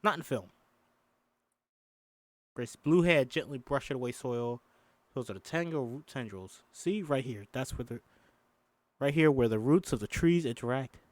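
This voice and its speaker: A man's voice: mid-range voice, moderate pace, pauses often, dry recording. A man casually reading a film script aloud, adding profane asides and stumbling over words. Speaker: host. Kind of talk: casual script read-through with commentary.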